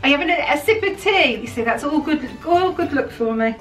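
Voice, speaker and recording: Chatty, lively woman vlogger. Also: sits high, a little fast, soft background music. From United Kingdom. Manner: chatty and excitable. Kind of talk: casual chat while unboxing. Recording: roomy sound from a distant mic.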